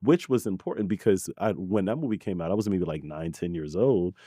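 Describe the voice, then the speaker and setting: In a studio with no echo, a man from Brooklyn, New York, in his thirties speaks a little fast in a low, warm, breathy voice. Appearing as an earnest podcast guest in a conversational interview, he keeps asking "right?" and adding "you know."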